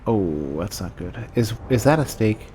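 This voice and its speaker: A man's voice: on the low side, lively intonation, measured pace, mellow, slight background noise. A man streaming a video game, thinking aloud about damage numbers and reacting as he plays in casual commentary.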